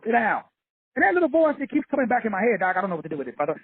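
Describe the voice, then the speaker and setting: A man's voice: high voice, sing-song, racing, breathy edge, heavily acted. A man mimicking a troubled grown man who hesitantly confides his doubts to a mentor. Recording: tinny phone-like dry sound.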